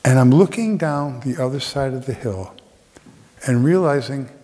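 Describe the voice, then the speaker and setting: A man's voice: medium pitch, normal speed, warm tone. A middle-aged man performing a reflective storytelling monologue on a theater stage, with dramatic shifts of tempo. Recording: theater with long reverb.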